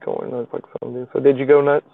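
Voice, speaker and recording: Sitting in his parked car, a man with a medium-pitched, creaky voice hosts a casual live stream, speaking a little fast. He rambles in plain, folksy language with lots of fillers, captured on a phone with a tinny, dry sound.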